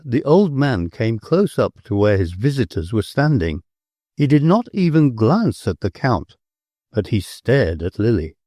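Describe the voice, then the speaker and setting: A man narrating an audiobook with an expressive delivery. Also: medium pitch, dry recording, studio quality.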